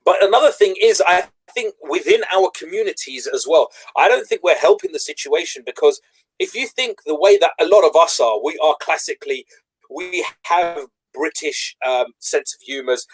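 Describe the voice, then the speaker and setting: A man's voice: fairly high pitch, animated, normal speed, a little hiss or hum, rough recording. A man in a casual panel chat, making his point earnestly and repeating words as he builds it. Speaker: panel guest.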